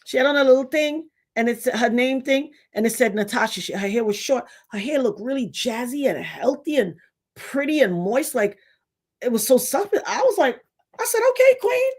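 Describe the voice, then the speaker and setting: A woman from Trinidad talks straight to her live-stream audience. Her voice sits a little high, and she tells animated stories, acting out the people in them. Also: normal speed. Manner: animated storyteller who acts out quoted voices. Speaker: live stream host and salon owner. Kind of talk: casual live-stream monologue.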